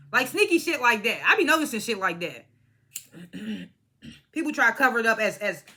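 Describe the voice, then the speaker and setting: Young woman, bright and forceful voice, casual profane TV recap, blunt opinions. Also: on the high side, very animated, normal speed, husky. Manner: blunt, profane and opinionated, mimics cast members. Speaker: reality TV recap vlogger. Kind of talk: casual reality show review.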